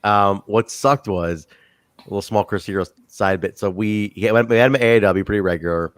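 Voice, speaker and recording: A man with a lowish voice co-hosts a casual wrestling review podcast, speaking briskly in a clean studio recording with no room sound. He tells stories with a laugh, animated and full of mock quotes.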